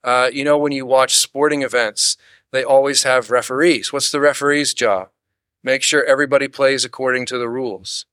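A man teaching a church Bible study lesson in a steady explanatory way, asking rhetorical questions and sometimes acting out quoted complaints. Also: mid-range voice, normal speed, smooth, no room sound, studio quality. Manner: acts out quoted complaints in animated bursts.

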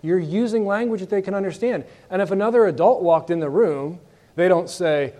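A man's voice: high voice, a little fast, mellow. A man teaching a Bible lesson to a class in a conversational way, asking his students questions.

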